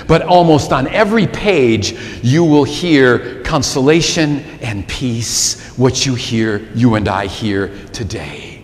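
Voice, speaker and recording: A man's voice: mid-range voice, takes it slowly, few pauses, slight background noise. A man in his sixties, a priest delivering a sermon in a large church, emphatic and given to repeating words for effect. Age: 60s. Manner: animated, emphatic repetition. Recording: reverberant church, faint ambience.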